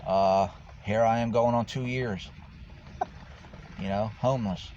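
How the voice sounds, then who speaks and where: A man's voice: fairly low pitch, fairly even intonation, unhurried, darkish tone. A man who is homeless, talking casually to the camera in a rambling, profane way about his life. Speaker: homeless vlogger. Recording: dull lo-fi with faint noise.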